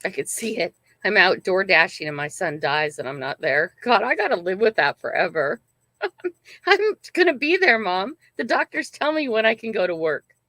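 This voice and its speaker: A woman's voice: lowish voice, lively intonation, a little fast, a bit bright, no echo. An older woman hosting a casual livestream, telling a family story in a rambling, emphatic way and often checking in with "right?". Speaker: channel host.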